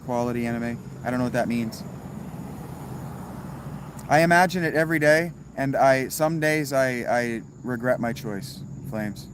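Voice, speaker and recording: A man's voice: mid-range voice, measured pace. Man, livestream host, laid-back chat with viewers, wry, swears now and then, noisy crickets behind.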